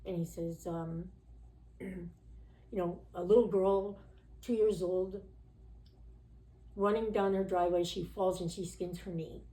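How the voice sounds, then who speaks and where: A woman with a lowish, mellow voice and fairly even intonation talks a little slowly, pausing often. She's being interviewed on a podcast, telling her own story candidly and ramblingly with plenty of "you know" and "like," and she often acts out others' voices as she quotes them. Echo fills the room.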